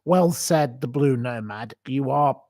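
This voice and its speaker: A man's voice: mid-range voice, measured pace, darkish tone. A man hosting a live stream, answering viewer comments in an emotional, indignant rant that repeats itself. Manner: indignant, ranting, repeats himself.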